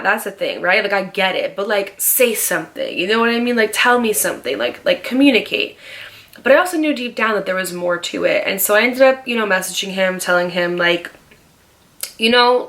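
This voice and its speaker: A woman's voice: mid-range voice, lively intonation, a little fast, fairly bright tone. A young woman in her twenties telling a personal dating story in a casual, chatty way, filling her talk with "like" and swearing freely. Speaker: storytime vlogger.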